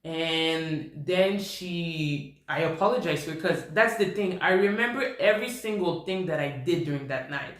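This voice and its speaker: Animated man telling a personal story. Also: fairly high pitch, moderate pace, hardly any pauses. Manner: animated, repeats himself while recounting. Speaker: vlogger. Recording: roomy echo.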